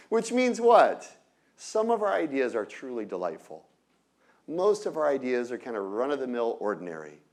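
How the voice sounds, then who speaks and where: A man giving an energetic lecture on innovation to an audience, often asking rhetorical questions and breaking off into quick asides. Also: fairly high pitch. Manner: energetic, peppered with rhetorical "right?"; asides and self-corrections.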